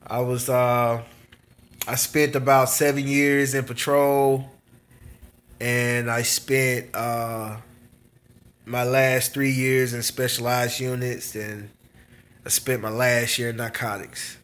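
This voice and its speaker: A man's voice: medium pitch, level tone, slow, fairly bright tone. A man, chatting and joking casually with viewers on his channel, laughing often. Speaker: small business owner and channel host. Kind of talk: casual live-stream chat with viewers.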